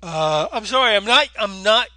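A man's voice: high voice, expressive, normal speed, bright, forceful tone, dry recording. A middle-aged man co-hosting a podcast, tired and yawning, rambling and trailing off in self-deprecating chat. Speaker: podcast co-host. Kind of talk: casual chat.

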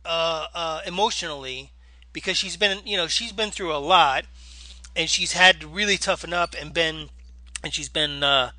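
A man's voice: on the high side, normal speed, sharp tone, no room sound. A middle-aged man co-hosting a podcast, tired and yawning, rambling and trailing off in self-deprecating chat. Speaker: podcast co-host. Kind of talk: casual chat.

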